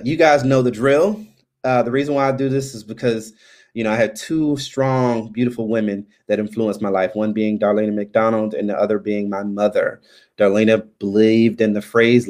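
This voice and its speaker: A man's voice: fairly low pitch, a little mellow. A man hosting a live stream, chatting loosely as he signs off, with many ums and restarts. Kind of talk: casual live stream sign-off chat.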